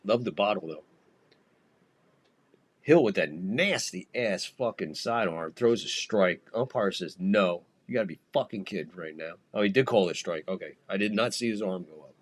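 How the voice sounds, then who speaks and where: A man's voice: lowish voice, lively intonation, normal speed. A man hosting a podcast and calling a baseball game live, in a profane, rambling, jokey way. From United States. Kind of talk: casual live game commentary.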